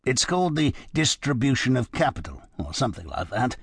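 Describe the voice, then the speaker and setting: A man's voice: mid-range voice, big pitch swings, a little fast, husky, no echo, studio quality. A man playing a talkative middle-aged barman with a wry, confiding manner.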